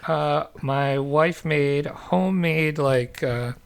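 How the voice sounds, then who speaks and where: A man co-hosting a podcast in casual chat, relaxed and laughing often. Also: on the high side, slow, vocal fry, smooth. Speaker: podcast co-host. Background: remote call.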